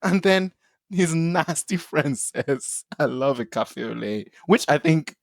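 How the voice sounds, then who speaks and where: A man's voice: on the high side, animated, takes it slowly, vocal fry, no echo. A man co-hosting a podcast, chatting animatedly about a TV episode, often laughing and acting out quotes. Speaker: podcast co-host. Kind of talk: casual TV recap chat.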